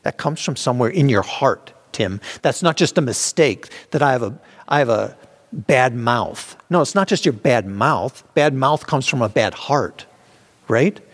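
A man teaches a small group in an everyday, conversational way. He restarts his sentences often and acts out the excuses people make in quick put-on voices. His pitch sits in the middle range. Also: animated. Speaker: Bible study leader. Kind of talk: informal teaching.

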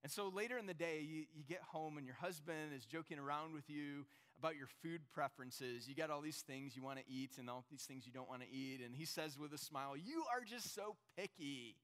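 A man's voice: a little high, steady tone, brisk, hardly any pauses, a bit bright, clean tone. A man preaching a sermon to his congregation, earnest and storytelling, speaking straight to the listeners. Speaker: pastor. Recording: long reverb of a large hall.

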